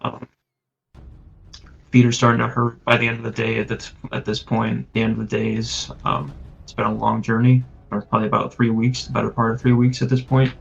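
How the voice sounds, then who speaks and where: Gravelly man narrating a tabletop game. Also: mid-range voice, fairly quick. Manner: relaxed, filler-heavy narration. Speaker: game master. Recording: lo-fi with faint music.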